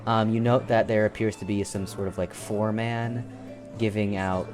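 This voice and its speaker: A young man narrating a tabletop game as game master, halting often with ums and restarts, with music playing underneath. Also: fairly low pitch, level tone.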